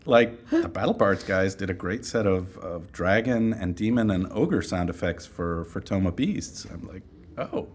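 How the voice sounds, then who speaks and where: A man talking casually on a podcast, jokey and animated, breaking into high yelps when he quotes people. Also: normal speed, few pauses, breathy edge. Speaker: game publisher guest.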